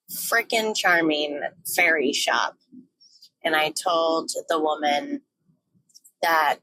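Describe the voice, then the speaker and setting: A woman's voice: on the low side, sharp tone, slight background noise, poor audio. A young woman talking candidly in a frank, joking, often profane monologue, recorded on a phone while she drives her car. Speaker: vlogger.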